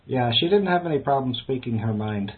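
A man's voice: medium pitch, expressive, a little fast, slightly rough. A man calling in to a seminar over an online call, speaking hesitantly and measuredly. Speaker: caller. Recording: tinny online-call audio.

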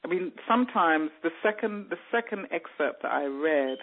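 A woman's voice: fairly low pitch, moderate pace. Storytelling woman on tinny radio. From born in Jamaica, raised in England. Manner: animated storytelling, mimics voices she overheard. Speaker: author guest. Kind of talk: radio interview. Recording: narrow phone-like radio sound.

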